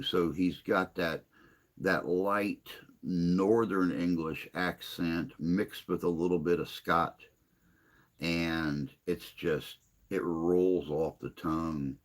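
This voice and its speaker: With a rumbling low voice, a man hosts a casual livestream chat, responding to viewer comments. He rambles and hesitates, leaving long pauses.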